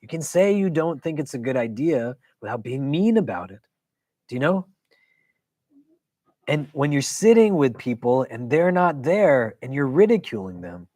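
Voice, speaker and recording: A man, an imam, teaching a weekly religious class in a casual, conversational way. He keeps checking in with his listeners and tells stories with quick asides. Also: mid-range voice, no echo. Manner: conversational, keeps asking "do you know?"; animated storytelling with quick asides.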